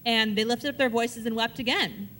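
Reading verses aloud and unpacking them conversationally, this woman leads a Bible study and frequently checks in with those listening. Her voice is a little high and fairly bright, at a moderate pace, with some hiss or hum audible. She is a Bible teacher.

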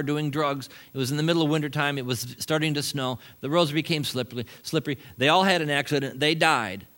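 Middle-aged male pastor preaching in a church, slightly raised voice, animated delivery dropping to soft asides. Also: a little high. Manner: animated preaching with sudden drops to quiet asides. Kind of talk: sermon. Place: church sanctuary.

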